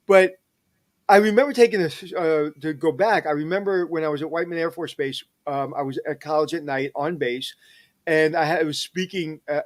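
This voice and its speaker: A middle-aged man, a hospitality executive, telling personal stories in an energetic, animated interview. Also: a little high. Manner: energetic, animated storyteller who digresses. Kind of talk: casual storytelling interview.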